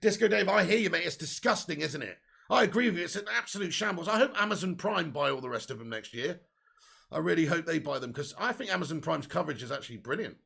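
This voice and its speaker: A man hosting a live football watch-along, chatty and excitable, swearing freely and reading out viewer comments. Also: fairly high pitch, fast, gravelly, breathy edge. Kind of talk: casual live match commentary.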